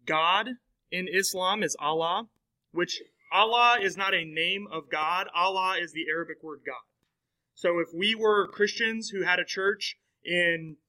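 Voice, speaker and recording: A man's voice: a little high, bright, forceful tone, low-quality recording. A man teaching a classroom lecture in a conversational way, full of fillers and questions to his students.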